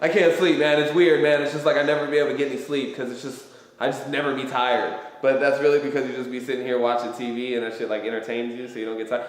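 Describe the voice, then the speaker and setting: A man's voice: medium pitch, little pitch movement, fast talker. A man giving a casual livestream pep talk as a motivational vlogger, rambling with lots of fillers and free swearing. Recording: very echoey room with long reverb.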